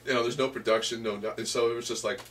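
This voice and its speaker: A man co-hosting a casual wrestling history chat, talking haltingly with many restarts. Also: medium pitch, fairly even intonation, fairly bright tone. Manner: halting, full of restarts and fillers. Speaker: podcast co-host. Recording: distant mic with faint room noise.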